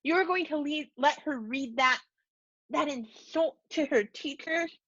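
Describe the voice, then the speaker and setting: A woman voicing an angry Dominican immigrant father who speaks broken English, slow and clipped in his fury. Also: on the high side, animated, a bit bright, no room sound, dull audio. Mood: yelling.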